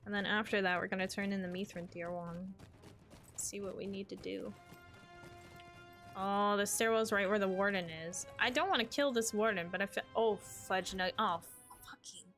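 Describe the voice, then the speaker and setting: A woman's voice: mid-range voice, fairly even intonation, moderate pace, a bit bright, soft background music. A young woman streaming a game, chatting casually and exclaiming with mild minced oaths. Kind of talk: casual gameplay commentary.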